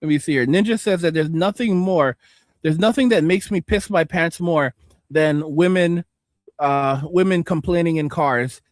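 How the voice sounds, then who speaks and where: This male voice is a little high and moves at normal speed, with no echo. The man, a livestream host, rants with plenty of profanity, rambles and stammers through restarts, addressing viewers directly and reading out what the chat says.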